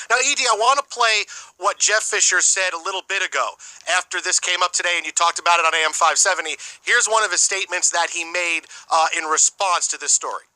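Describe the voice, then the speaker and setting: Brief: male sports radio host, brisk station-plug delivery, bright and dry. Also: high voice, dry recording, low-quality recording. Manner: brisk, announcer-like station plugs. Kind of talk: radio show hosting.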